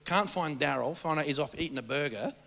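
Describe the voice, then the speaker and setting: A man preaching and telling stories, rambling and animated, often stammering and restarting his sentences. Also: fairly high pitch, a little fast, creaky. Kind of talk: sermon storytelling. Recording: long hall reverb.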